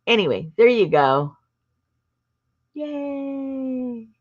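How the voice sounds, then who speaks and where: A woman hosts a casual crafting livestream, chatting as she works in a rambling way that keeps interrupting itself. Her voice is fairly low, a little slow, and carries vocal fry, and the recording sounds muffled.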